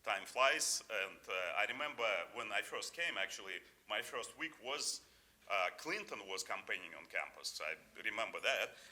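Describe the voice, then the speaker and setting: A man in his fifties with a non-native English accent gives a relaxed, joking acceptance speech. His voice is bright and sits a little low. He stumbles through many fillers and restarts as he thanks the audience. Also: moderate pace. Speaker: award recipient giving acceptance speech.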